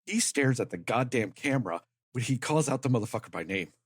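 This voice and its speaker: A man's voice: mid-range voice, expressive, a little fast, husky, no echo, clean studio sound. A man co-hosting a podcast, ranting in a heated, emphatic way and swearing freely. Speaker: podcast co-host. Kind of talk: casual podcast chat.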